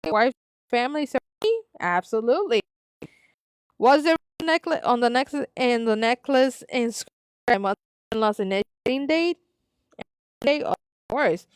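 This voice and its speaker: A woman's voice: fairly high pitch, expressive, moderate pace, long pauses, clear, resonant tone, no room sound, studio quality. A woman reading a story aloud and rambling into side comments, with many restarts and the odd Spanish exclamation. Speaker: story reader.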